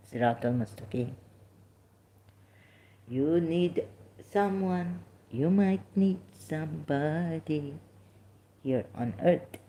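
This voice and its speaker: A middle-aged Pakistani woman with a deep, darkish voice offers unscripted religious commentary, rambling hesitantly with plenty of fillers and restarts.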